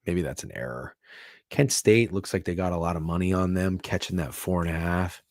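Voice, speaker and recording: A man hosting a sports betting show, talking casually, swearing freely and swinging from hushed asides to loud bursts. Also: sits low, brisk, no room sound, clean studio sound. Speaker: sports betting podcast host.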